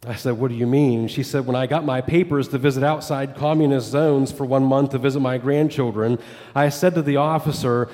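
A man's voice: medium pitch, fairly even intonation, fairly quick, darkish tone, long reverb tail. A pastor telling a story in a sermon, voicing quoted dialogue as he goes. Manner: retells a story with quoted dialogue, rising and falling with it.

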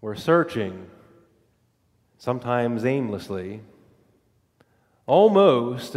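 A man preaching a sermon as pastor, with an emphatic, repetitive cadence that drops low and soft for scripture. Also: expressive, a little slow. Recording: long reverb of a large hall.

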